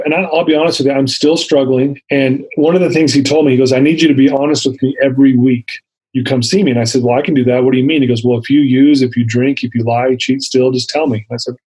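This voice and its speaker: A man's voice: mid-range voice, fairly even intonation, fast, a little mellow, slightly rough, rough recording. A middle-aged man telling his story in a podcast interview, earnest and candid, acting out the dialogue. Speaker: interview guest.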